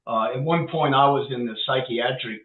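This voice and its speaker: A man's voice: medium pitch, normal speed. A man with a New Orleans accent answering questions in a live webinar in a matter-of-fact way. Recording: distant tinny call audio in echoey room.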